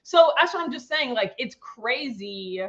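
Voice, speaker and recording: A woman hosting a livestream, chatting in an animated way and reading out viewer comments. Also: high voice, unhurried. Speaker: livestream host. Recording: dull lo-fi stream audio.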